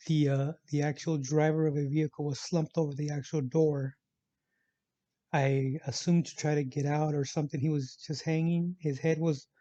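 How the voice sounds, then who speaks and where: Pitched on the high side, his warm voice comes through a dull, lo-fi recording with no echo at all. He's vlogging a personal travel tale in a loose, rambling way, full of fillers and restarts, and he keeps saying "actual."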